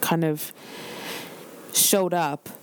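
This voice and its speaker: Forties female podcast host, casual coaching chat, candid and chatty, lowish voice. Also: steady tone, very slow, slight background noise. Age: 40s. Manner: candid, chatty, frequent "like" fillers and swearing. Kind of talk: casual solo podcast talk.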